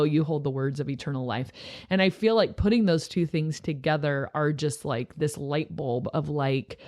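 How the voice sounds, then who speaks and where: A woman's voice: low voice, normal speed, a little mellow. A young woman who is a youth pastor, talking casually and earnestly on a podcast, with many filler words.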